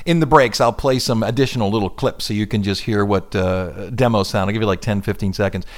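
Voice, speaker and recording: A middle-aged man hosting a radio show in casual chat, explaining music with animated asides. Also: on the low side, brisk. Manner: animated, hums and imitates instrument sounds while explaining.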